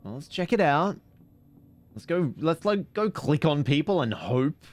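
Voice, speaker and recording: A man's voice: fairly high pitch, sing-song, a little slow. A man streaming a mystery game, with casual, sarcastic, muttering commentary as he plays.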